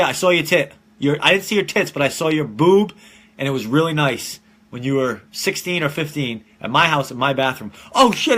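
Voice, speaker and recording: Streaming a laid-back podcast from his home, this twenty-something host rambles through profane stories and laughs frequently. He speaks with a slightly high, sharp-toned voice.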